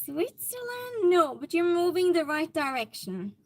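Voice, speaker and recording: High-voiced, unhurried woman streamer. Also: very animated, darkish tone, slight background noise. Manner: chatty, reacting to chat comments aloud. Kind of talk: casual live-stream chat.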